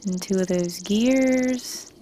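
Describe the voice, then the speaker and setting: A woman's voice: mid-range voice, takes it slowly, mellow, slight background noise. A woman from Georgia with a Southern accent, chatting casually through gameplay commentary, rambling and correcting herself as she goes. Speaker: gaming channel host.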